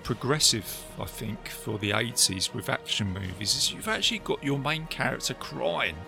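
A man chatting casually as a podcast co-host about a film, lively and talkative, often acting out lines. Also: mid-range voice, moderate pace, vocal fry, music in the background. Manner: chatty, animated, quotes film lines in put-on voices.

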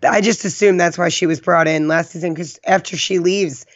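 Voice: medium pitch, fairly even intonation, moderate pace, no room sound. A podcast co-host from New Jersey, talking bluntly and with strong opinions in casual chat. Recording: dull, dry lo-fi recording.

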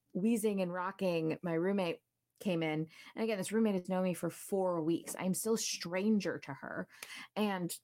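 Woman host, twenties, lower register, candid solo podcast telling, lively and chatty. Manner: candid, energetic, heavy use of "like". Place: room at home, recorded at night.

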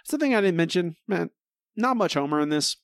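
A man's voice: high-pitched, lively intonation, fairly quick, creaky, no echo, clean studio sound. A man co-hosting a podcast, chatting casually and giving sardonic verdicts on an episode. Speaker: podcast co-host. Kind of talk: casual chat.

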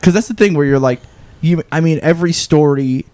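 A man's voice: fairly high pitch, brisk, dry recording. A man chatting casually on a podcast, telling stories and laughing often. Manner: animated storyteller, laughs often.

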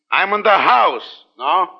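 A sneering Russian neighbor. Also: male voice, high-pitched, very animated, drawn-out words, creaky, breathy edge, heavily acted. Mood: mocking. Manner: theatrical, mock-menacing threats. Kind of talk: 1940s radio comedy acting. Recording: dull old radio broadcast with hiss.

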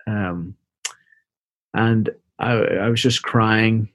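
Man, middle-aged, lowish voice, soft and reflective, halting, repeats words, interview guest telling a personal story. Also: fairly even intonation, dry recording. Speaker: interview guest, seminary professor and minister.

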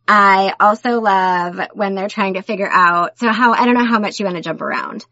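A woman's voice: mid-range voice, moderate pace, no room sound, highs cut off. A woman co-hosting a casual movie-review chat, talking freely and laughing often. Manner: chatty, laughs often, animated. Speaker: podcast co-host.

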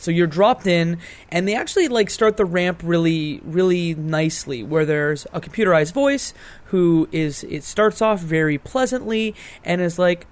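Young male co-host, lighter pitch, self-deprecating and casual. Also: normal speed. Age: 20s. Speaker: podcast co-host. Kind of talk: casual chat about games.

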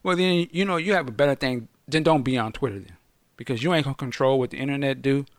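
A middle-aged man telling a story in casual podcast chat, slangy and swearing, acting out the quotes loudly. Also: medium pitch, fast, no room sound.

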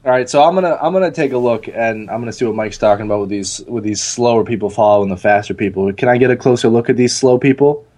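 A man takes part in a tabletop game, talking through what his character does and acting out his lines. He laughs often. His voice sits in a middle pitch. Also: quick pace, few pauses, a little mellow. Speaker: player. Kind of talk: casual tabletop role-play.

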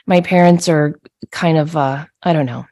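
Animated middle-aged woman telling a story. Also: deep voice, moderate pace. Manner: animated, acts out her own yelling with laughs. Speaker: podcast host. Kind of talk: conversational podcast storytelling.

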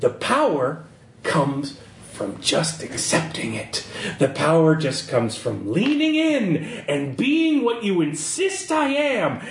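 A man's voice: fairly high pitch, sing-song, slow, heavily acted. A bitter, defiant woman rants with scorn at the people around her in a tabletop horror game, as a man puts her on. The voice swings up and down and sounds echoey, with faint noise behind it. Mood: scornful. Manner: scornful, ranting. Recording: roomy echo, faint background noise.

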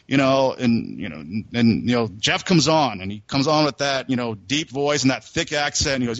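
A man's voice: medium pitch, expressive, a little fast, a bit bright, dry recording. A man co-hosting a podcast, telling a long story in a casual, rambling way, full of restarts. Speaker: podcast co-host. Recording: dull, dry recording.

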